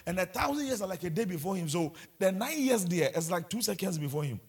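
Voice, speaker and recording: A man preaching a sermon, telling personal stories with lively, stammering restarts. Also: high voice, fast, breathy edge.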